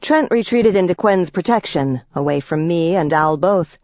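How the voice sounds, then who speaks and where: A woman's voice: lowish voice, animated, moderate pace, a little mellow, dry recording. A woman narrating a first-person urban fantasy audiobook with tense, vivid storytelling. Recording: dry, dull audiobook recording.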